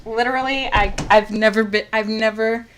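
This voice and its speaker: A woman streaming a video game live, talking casually and in exasperation, swinging from loud outbursts to low muttering and swearing freely. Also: fairly even intonation, moderate pace.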